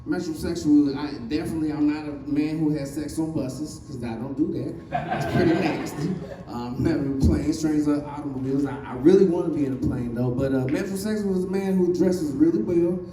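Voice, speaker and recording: Stand-up comic from Virginia, Southern accent, slightly raised pitch, mellow tone, rambling delivery, echoey room, mic at a distance. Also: male voice, fairly quick, faint music behind. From Virginia, USA. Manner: loose, rambling delivery with many fillers, acting out other people's voices. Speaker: stand-up comedian. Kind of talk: stand-up comedy set.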